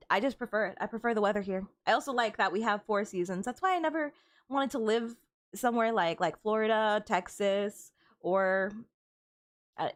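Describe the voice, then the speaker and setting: A young woman streaming a game, chatting casually with frequent giggles and stammered restarts. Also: medium pitch. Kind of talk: casual chat while gaming.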